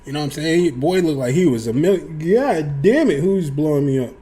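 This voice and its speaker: This is a young man spinning a casual story for his viewers, his pitch leaping all over as he acts out the other people. His voice sits a little high for a man. He swears freely and keeps the telling loose. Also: animated, fairly quick, mellow, slightly rough. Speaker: storyteller vlogger.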